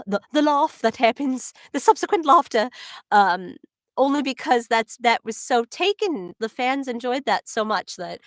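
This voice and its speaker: A woman's voice: medium pitch, a bit bright, no room sound, clean studio sound. A young adult woman, a voice actor, chatting casually on a livestream, answering fan questions with many ums and giggles.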